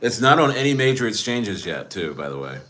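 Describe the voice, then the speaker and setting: A man's voice: on the low side, big pitch swings, brisk, bright, forceful tone. A man hosting a casual livestream, rambling about coins, repeating phrases and calling his viewers guys. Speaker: crypto streamer.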